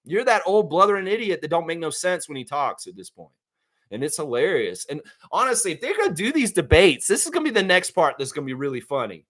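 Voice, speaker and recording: A man's voice: a little high, fast talker. A man hosting a live stream, talking casually and reading viewers' chat comments aloud, with blunt, profane opinions. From United States. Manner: animated, profane, talks straight at viewers.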